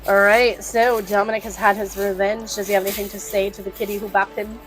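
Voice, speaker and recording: A woman narrating as game master of a tabletop game, laughing often and breaking into shouted character cries. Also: medium pitch, level tone, fast, over music.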